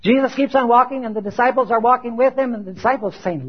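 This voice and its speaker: A man preaching a sermon, animated, asking rhetorical questions and building to emphatic shouted peaks, in a dull lo-fi recording. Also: very high-pitched, quick pace, hardly any pauses, breathy edge.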